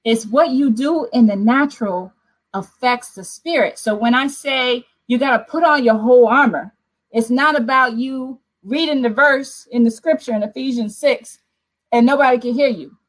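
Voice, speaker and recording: A woman hosting a midnight prayer watch, preaching in an emphatic, expressive way with lively asides. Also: fairly high pitch, normal speed, rough recording. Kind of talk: preaching to an online prayer audience.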